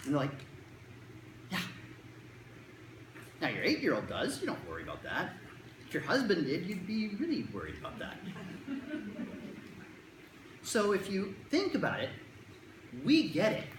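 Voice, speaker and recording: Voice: mid-range voice, wildly swooping pitch, normal speed, long pauses. A presenter giving a talk to parents on child anxiety in a conversational, jokey way, acting out quotes. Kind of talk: lecture to parents. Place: lecture room with an audience. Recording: roomy echo, faint room noise.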